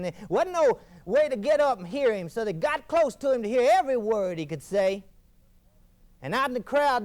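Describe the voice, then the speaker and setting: An actor playing a fiery male TV preacher, delivering a folksy fire-and-brimstone sermon with wild swings in pitch. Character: fiery male TV preacher thundering about damnation. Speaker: televangelist. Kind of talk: scripted mock TV sermon.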